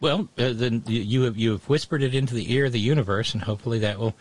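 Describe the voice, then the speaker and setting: A man's voice: mid-range voice, fast. A man hosting a radio show, chatting casually with a caller and cracking dry jokes. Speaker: radio host.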